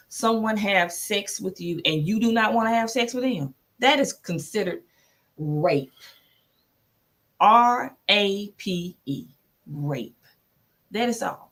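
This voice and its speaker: A woman's voice: medium pitch, fairly bright tone. A woman hosting a talk podcast, speaking emphatically and addressing her listeners directly. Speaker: podcast host. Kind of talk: talk show.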